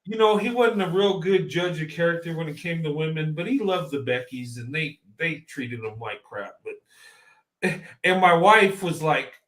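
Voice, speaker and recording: A man's voice: fairly high pitch, measured pace. Chatty man in an echoey room. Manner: animated, laughing often. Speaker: guest. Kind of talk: casual storytelling.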